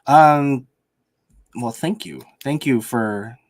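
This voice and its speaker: A man's voice: mid-range voice, takes it slowly, gravelly. A man hosting a casual podcast, upbeat and chatty as he thanks listeners. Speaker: podcast host. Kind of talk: casual chat.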